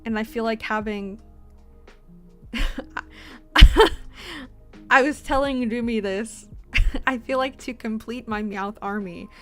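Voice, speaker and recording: A woman's voice: on the high side, slow, long pauses, soft background music. A sleepy woman streamer chatting casually with her viewers, rambling and giggling between fillers.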